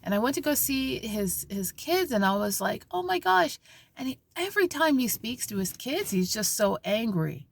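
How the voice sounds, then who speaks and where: A woman vlogging from a parked car, telling a story in an animated, conversational way with many restarts and asides. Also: a little high, normal speed, hardly any pauses. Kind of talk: casual spiritual vlog talk.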